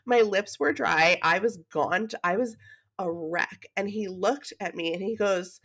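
Animated woman telling a personal story. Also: mid-range voice, a little slow, slightly rough. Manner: animated, emotional, laughs often. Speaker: podcast guest. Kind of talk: conversational storytelling.

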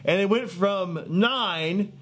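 Standing in a neighborhood street, a man of thirty to forty-something animatedly recounts a healing as testimony, stumbling through fillers and fresh starts. He speaks slowly in a high voice, eager and sincere.

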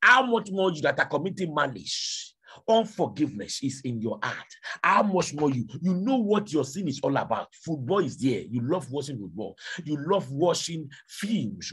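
Raspy male preacher, lively pitch. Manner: repetitive, rhetorical questioning. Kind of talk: sermon.

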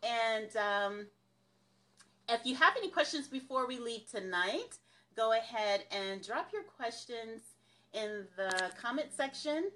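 A woman's voice: a little high, animated, slow, bright, forceful tone, a little hiss or hum. A woman from the American South hosting a casual business coaching livestream, chatty and upbeat, laughing often as she talks to viewers.

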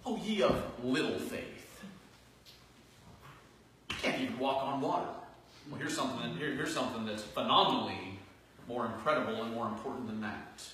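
A male pastor preaching a sermon in a church, earnest, rising into loud emphatic phrases and dropping to soft asides. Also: medium pitch, a little fast. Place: church sanctuary. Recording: distant, very echoey church hall recording with faint noise.

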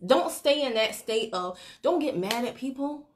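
A woman's voice: fairly high pitch, animated, normal speed, slight background noise. A woman leading a network marketing team gives a chatty, teasing motivational talk on a phone livestream. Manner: chatty, teasing, breaks into laughter. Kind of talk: motivational Facebook Live talk.

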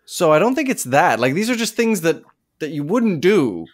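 A man co-hosting a casual podcast walks through his quiz reasoning with dry, joking asides. His voice moves lively up and down as he talks. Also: a little high, moderate pace. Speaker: podcast co-host and quiz player.

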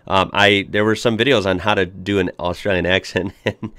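A man's voice: low-pitched, steady tone, fairly quick, a bit bright, dry recording, clean studio sound. A young American man hosting a reaction video, chatting casually and upbeat with frequent fillers and restarts. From United States.

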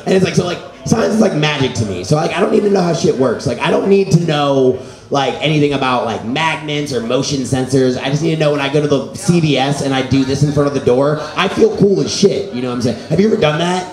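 At an open mic in a small comedy venue, a stand-up comic rambles through his set, leaning heavily on fillers. He speaks fast and expressively, a little high-pitched with a darkish tone. The room is echoey and the audience can be heard.

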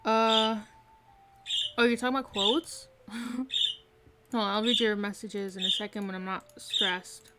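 A woman's voice: mid-range voice, level tone, a little slow, pauses often, over loud music. A woman streaming a video game live, chatting casually, talking to herself and reading chat, often giggling. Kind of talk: casual live gameplay commentary. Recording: faint noise with mouse clicks and typing.

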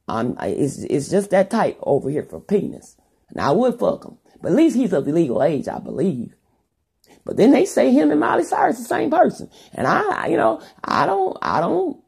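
Very husky, gravelly woman rambling to camera. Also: fairly low pitch, a little mellow. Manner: profane, rambling, many restarts and asides. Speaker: YouTuber. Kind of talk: rambling monologue to viewers.

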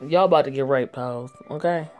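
A woman's voice: extremely low pitch, brisk, darkish tone, faint music behind. A woman giving casual commentary on a story video in a sassy, blunt manner with plenty of swearing.

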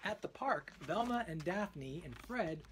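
A man reading a children's picture book aloud in an expressive storytelling manner. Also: sits high, a little slow, a little hiss or hum.

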